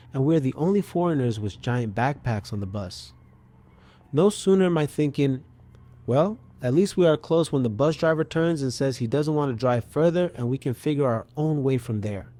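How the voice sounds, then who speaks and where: A man narrating a scripted story with a steady, even storytelling delivery. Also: medium pitch.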